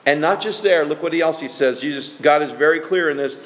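A man preaching a sermon as pastor, conversational, animated and emphatic. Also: mid-range voice, fast, few pauses. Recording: echoey hall.

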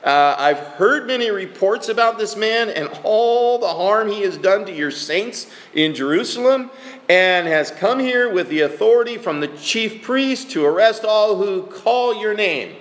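A man's voice: high-pitched, lively intonation, a little slow, a bit bright, voice pushed up. A man voicing a flustered man protesting to God, pleading and incredulous. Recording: echoey hall.

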